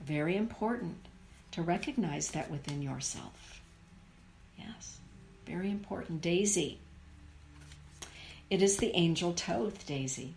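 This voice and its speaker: A middle-aged woman giving a live oracle card reading to viewers, speaking in a soothing, unhurried way. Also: on the low side, animated, vocal fry, darkish tone, a little hiss or hum. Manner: slow, soothing, unhurried delivery. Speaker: spiritual card reader.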